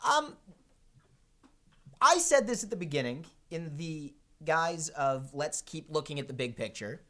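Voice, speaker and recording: A man's voice: on the high side, lively intonation, a little slow, fairly bright tone. A man co-hosting a podcast, chatting casually about sports in a joking, teasing way. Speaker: podcast co-host.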